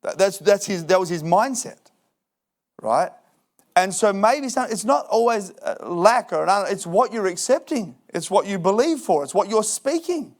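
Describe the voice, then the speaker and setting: A man preaching in a church, his voice sitting a little high for a man. He talks in a loose, joking way and slips into mock voices to act out other people's excuses. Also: moderate pace. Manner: lively, jokey preaching with acted-out excuses. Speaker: pastor. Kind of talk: sermon. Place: church hall.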